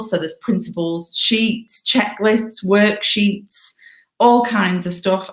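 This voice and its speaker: A woman giving an upbeat, chatty workshop presentation on assertiveness. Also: on the low side. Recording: echoey room.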